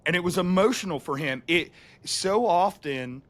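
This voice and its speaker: A man co-hosting a podcast, speaking in a relaxed, conversational way. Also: high-pitched, normal speed. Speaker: podcast co-host. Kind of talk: casual podcast chat.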